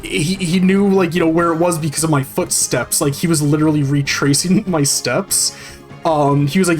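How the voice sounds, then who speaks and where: Profane rambling streamer, slightly high voice. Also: male voice, steady tone, moderate pace, soft background music. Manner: rambling and profane, many restarts and fillers. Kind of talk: casual storytelling over gameplay.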